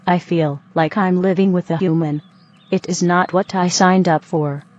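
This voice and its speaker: A woman's voice: on the low side, moderate pace, highs cut off, close to an everyday voice. A woman playing a stiff, formal female robot. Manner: flat, formal, stilted robotic delivery. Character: stiff female robot leaving her partner.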